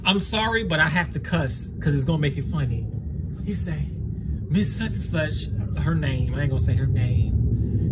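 A man's voice: on the high side, lively intonation, normal speed, background noise. A young man, telling a wild story and laughing as he acts out the quotes. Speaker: lawn care vlogger. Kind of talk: animated storytelling.

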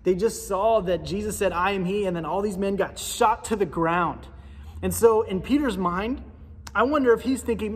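A man preaching a sermon in a church, with a casual, animated storytelling manner. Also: high-pitched, moderate pace, in a large hall. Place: church sanctuary.

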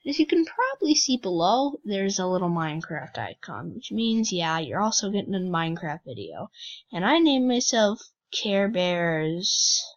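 A woman's voice: medium pitch, sing-song, normal speed, muffled recording. A woman hosting a gaming channel, chatting casually and teasing other players as she plays. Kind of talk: casual game commentary.

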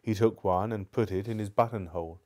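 A man's voice: fairly low pitch, brisk, warm tone. A man reading a children's novel aloud live, sometimes stumbling and restarting lines. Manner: stumbles and restarts, apologizes to viewers. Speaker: book reader.

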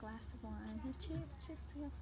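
A woman's voice: a little high, normal speed, dark tone, natural voice. A woman putting on a British accent as a prim hostess offering tea and wine. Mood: genteel. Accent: British, put on.

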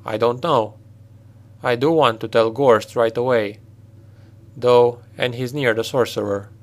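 A man reading a storybook voices a blunt, practical male mercenary captain who talks in a forceful, direct way. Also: medium pitch, steady tone, a little slow, lightly acted. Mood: commanding.

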